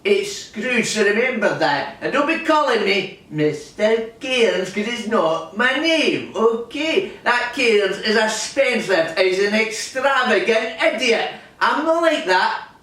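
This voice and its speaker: A man's voice: high voice, big pitch swings, slow pace, bright, forceful tone. A Scottish man hosting a music hall show with grumbling, miserly comic patter, chuckling often. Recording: echoey hall from far off.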